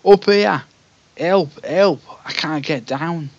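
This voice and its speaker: A man's voice: on the high side, slow, highs cut off, pitched above the performer's own voice. A man voicing a feeble, wiry old man with a Cockney accent who rambles on. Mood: pleading. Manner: rambling, jabbering.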